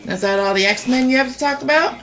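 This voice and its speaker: An enthusiastic woman co-hosting an unscripted chat. She jumps in with questions and reactions, and her voice sits slightly high. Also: fairly quick, fairly bright tone. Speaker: co-host. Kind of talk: casual chat.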